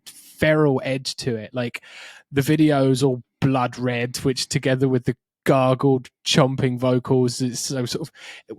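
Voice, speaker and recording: A man's voice: medium pitch, a little mellow, dry recording. Dry-voiced, wordy podcast co-host man. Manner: descriptive, piles up adjectives with many "like" fillers. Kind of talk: casual chat about metal records.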